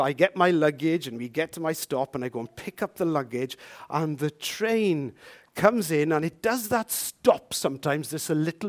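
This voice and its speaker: A man preaching a sermon, telling a personal story with lively swings from hushed asides to loud, emphatic lines. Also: a little high.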